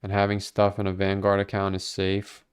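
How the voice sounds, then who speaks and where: A man hosting a crypto livestream, talking casually in a rambling, animated way, swearing and joking at his own expense. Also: sits low, moderate pace, clear, resonant tone. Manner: rambling, animated, self-mocking, swears freely.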